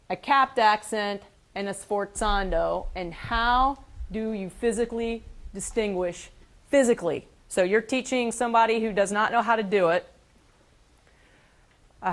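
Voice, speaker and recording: A woman teaching a school band, giving brisk directions and counting off. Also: on the high side. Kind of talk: classroom instruction.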